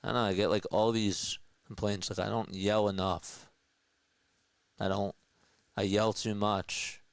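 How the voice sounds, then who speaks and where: A man's voice: on the low side, level tone, unhurried, smooth, no echo. A man calling baseball play-by-play on his own live stream, talking back to his chat, audibly frustrated. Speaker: play-by-play caller.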